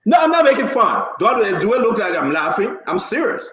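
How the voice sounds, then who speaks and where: A man argues hard on a political talk show. His voice sits high and swings widely, pressing his point again and again. The sound carries an echo from the room. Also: very animated, fairly quick, fairly bright tone. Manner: impassioned, talks over others, repeats for emphasis. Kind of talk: heated political call-in talk.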